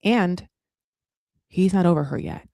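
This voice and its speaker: A woman hosting a casual recap podcast, chatty and gossipy, quick to act out the people she discusses. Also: fairly low pitch, gravelly, dark tone, no room sound, clean studio sound. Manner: chatty, gossipy, acts out the cast in quick voices. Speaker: podcast host recapping a reality show. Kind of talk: casual chat.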